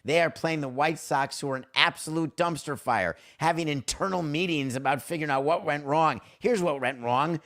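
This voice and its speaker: A man's voice: on the high side, moderate pace, few pauses, a bit bright. A middle-aged man hosting a sports podcast, talking in a blunt, wry, conversational way. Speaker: podcast host. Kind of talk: casual sports talk monologue.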